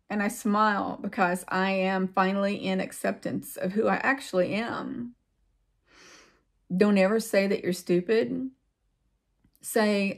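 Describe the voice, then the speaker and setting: A woman speaking straight to her viewers in a loose, heartfelt monologue, her voice full of gravelly fry. She wanders from thought to thought, repeats words to press her point, and trails off into pauses. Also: mid-range voice, steady tone. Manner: rambling and reflective, drifting into pauses; earnest, repeats words for emphasis. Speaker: vlogger.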